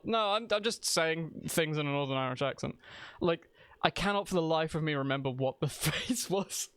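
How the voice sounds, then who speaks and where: A man's voice: a little high, a bit bright, clear, resonant tone, no echo. A man streaming a video game, chatting casually and rambling as he thinks aloud, often restarting his sentences. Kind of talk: casual live-stream chat while gaming.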